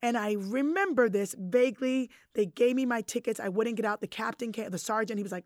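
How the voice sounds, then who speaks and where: A middle-aged woman telling a personal story in casual conversation, animated and acting out the voices of others. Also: a little high, a little fast, hardly any pauses, dry recording, studio quality.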